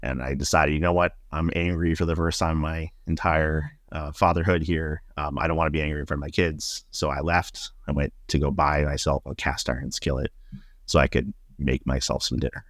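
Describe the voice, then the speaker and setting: A middle-aged man, a podcast guest, telling a personal story in a reflective, halting way with many fillers. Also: extremely low pitch, fairly even intonation, dry recording, clean studio sound.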